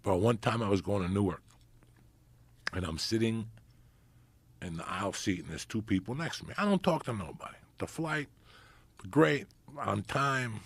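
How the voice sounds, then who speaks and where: A middle-aged man hosting a podcast, telling profane, animated stories in casual chat. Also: fairly low pitch, moderate pace, pauses often, husky, no echo. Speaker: podcast host. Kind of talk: storytelling chat.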